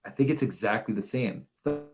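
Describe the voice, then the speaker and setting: A man's voice: on the low side, brisk, darkish tone. A young man from the Buffalo area, co-hosting a casual betting podcast and thinking aloud over odds. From Buffalo area, New York. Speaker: podcast co-host.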